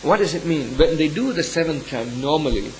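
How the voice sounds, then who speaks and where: A man's voice: animated, brisk, a little hiss or hum, rough recording. A man, a pastor, tells a personal story in a sermon, earnest and emotional, sometimes lifting his voice sharply. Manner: earnest, emotional storytelling with sudden rises in pitch.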